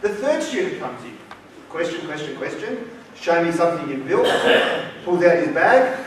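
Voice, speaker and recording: A guest lecturer with an Australian accent tells a story in a university lecture hall, acting out its dialogue in a fairly high, sing-song voice at normal speed. The hall is very echoey, he is far from the mic, and there is slight background noise.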